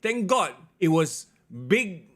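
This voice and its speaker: A man, co-hosting a casual wrestling podcast, excitable and quick to laugh. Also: sits high. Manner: animated, excitable, laughs often. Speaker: podcast co-host. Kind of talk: casual wrestling review chat.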